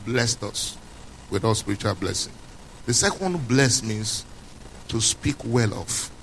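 A man's voice: fairly low pitch, expressive, measured pace, vocal fry, fairly bright tone, a little hiss or hum, low-quality recording. Emphatic male preacher. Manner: emphatic, repeats key points, quizzes listeners. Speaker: pastor. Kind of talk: sermon.

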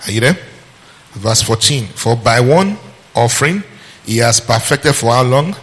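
A male preacher delivering a sermon, reading scripture and quizzing his listeners, repeating phrases for emphasis and slowing down on key verses. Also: medium pitch, lively intonation, a bit bright.

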